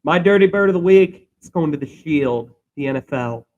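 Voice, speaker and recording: A man's voice: on the high side, lively intonation, moderate pace, a little mellow, dull audio. A young man co-hosting a podcast, explaining a rule change in a rambling, thinking-aloud way. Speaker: podcast co-host. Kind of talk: casual chat.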